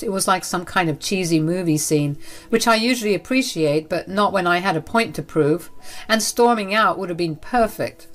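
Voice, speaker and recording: A woman narrating a first-person drama story in an earnest, dramatic manner. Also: lowish voice.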